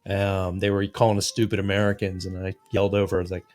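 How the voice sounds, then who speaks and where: A man's voice: deep voice, completely flat delivery, fast, few pauses, darkish tone, faint music behind. A man co-hosting a podcast, blunt and swearing freely in casual chat. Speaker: podcast co-host.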